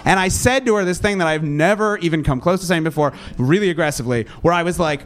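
A young man doing a stand-up comedy set, wry and self-mocking, with a flat delivery that undercuts his sincerity. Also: fairly high pitch, quick pace, few pauses.

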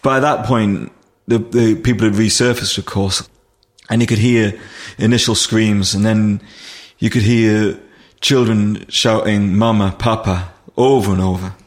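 A man's voice: fairly low pitch, fairly even intonation, unhurried. A middle-aged man, telling a vivid story as an interview guest, with restarts and plain dialect grammar. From Nottingham, England. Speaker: guest, firefighter.

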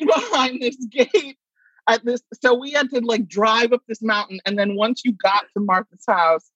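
A woman's voice: mid-range voice, fairly bright tone, dry recording, dull audio. A woman guest telling a story in casual conversation, laughing often as she talks. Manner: chatty, laughs often while telling stories. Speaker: guest writer. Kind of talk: casual chat, anecdote telling.

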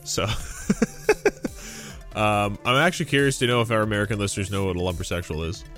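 A man with a lowish voice rambles through a loose gaming podcast chat, dropping swear words and laughing along the way. Faint music hums behind him. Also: normal speed, a bit bright. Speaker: podcast host. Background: faint game audio and music.

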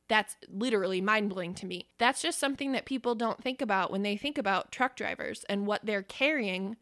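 A woman's voice: mid-range voice, bright, forceful tone, no echo, studio quality. A woman hosting a podcast, talking casually with lots of swearing and emphasis. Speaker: podcast host.

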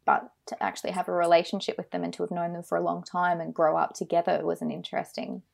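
Gravelly opinionated Australian woman. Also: on the low side, little pitch movement, fast talker. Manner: blunt, opinionated and emphatic. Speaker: podcast co-host. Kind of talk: casual film discussion.

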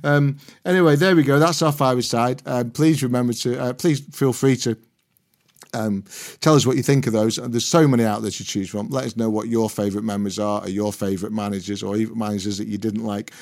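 This football podcast co-host speaks briskly at a medium pitch with fairly even intonation. He's on a video call, telling stories punctuated by laughter in a relaxed chat about the game.

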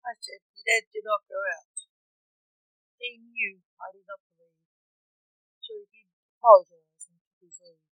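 A woman hosting a podcast and reading a gothic short story aloud in a slow, deliberate storytelling manner. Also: medium pitch, fairly even intonation, fairly bright tone, dry recording, low-quality recording.

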